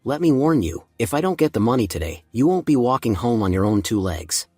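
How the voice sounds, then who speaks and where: A man's voice: medium pitch, very animated, fairly quick, darkish tone, slightly rough, no room sound, soft background music. A man voicing a confident young male healer in a recap story, speaking casually and self-assured.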